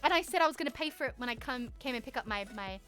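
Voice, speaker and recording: A young adult woman streamer telling a story to her chat in an animated, swear-heavy way, often laughing. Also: high voice, very fast, soft background music. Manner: animated, profanity-laced, laughs through the story.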